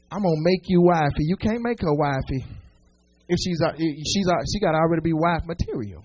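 A man's voice: a little high, expressive, a little fast, darkish tone, faint music behind. A male pastor preaching a sermon, speaking right to his congregation with folksy humor and repeated, building phrases.

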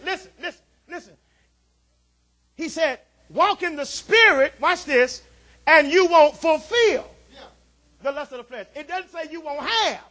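A man a sermon as pastor, calling out to the congregation and swinging from quiet asides to shouts. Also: very high voice. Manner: call-and-response preaching, rising to shouts.

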